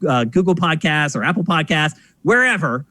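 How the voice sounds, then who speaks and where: A man's voice: on the high side, moderate pace, no room sound. A man hosting a casual podcast, telling stories and doing voices for the people in them. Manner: animated storyteller, acts out voices. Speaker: podcast host.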